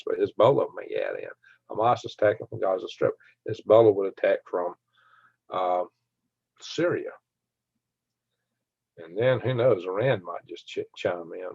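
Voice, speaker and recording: This livestream host is a Southern US man with a gravelly, fairly low voice and a fairly bright tone. He reads viewer comments in a rambling, folksy chat, chuckling frequently. The sound is lo-fi, with no room sound.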